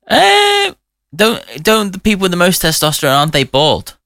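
Cheeky radio presenter, animated. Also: male voice, sits high, moderate pace, gravelly, no room sound, studio quality. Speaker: radio host. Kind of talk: casual on-air banter.

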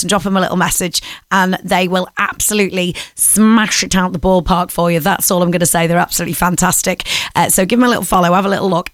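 A woman hosting breakfast radio, chatty and upbeat as she talks through shout-outs and ad reads. Her voice sits at a middle pitch. The studio sound is close and dry. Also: no room sound. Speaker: radio host.

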